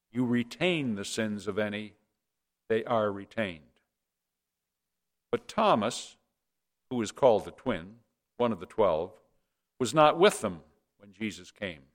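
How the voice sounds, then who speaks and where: A man reading a gospel passage aloud in a church service, measured and deliberate. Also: medium pitch, animated. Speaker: scripture reader.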